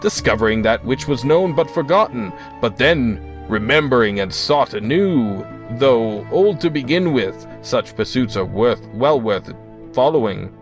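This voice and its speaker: A man's voice: mid-range voice, animated, a little slow, faint music behind, voice pushed up. Man putting on a pompous windbag townsman. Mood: grandiloquent. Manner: rambling, flowery and grandiose. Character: pompous long-winded male city dweller.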